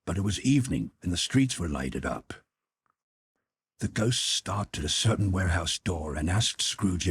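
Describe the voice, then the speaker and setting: A male audiobook narrator reading a classic story with expressive delivery. His low voice is strongly husky and moves lively up and down. The sound is dry and close. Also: no room sound. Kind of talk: scripted narration.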